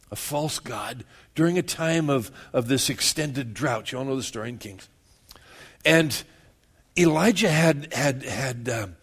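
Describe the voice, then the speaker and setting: A man with a fairly high voice preaches a sermon in a casual, conversational way, often calling his listeners "man" and "guys". He repeats words as he builds and moves between loud and hushed delivery.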